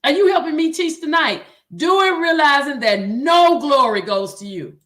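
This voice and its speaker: A woman's voice: sits high, lively intonation, moderate pace, a bit bright. A woman with a Southern drawl hosting a livestream for choir directors, preaching and reading viewers' comments aloud. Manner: exhorting, repeats "come on", reads viewer comments aloud. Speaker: host.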